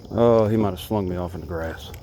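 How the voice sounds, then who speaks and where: A man from Alabama, chatting to the camera from a kayak and talking excitedly to the fish he catches. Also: deep voice, brisk, background noise. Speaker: fishing vlogger. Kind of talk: casual talk to camera while fishing. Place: kayak on a creek outdoors.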